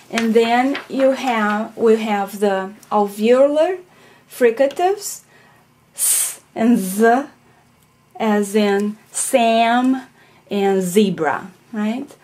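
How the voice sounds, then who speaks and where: A woman's voice: medium pitch, warm tone. A woman teaching a recorded phonetics lesson, explaining patiently and checking in with "okay?" and "right?".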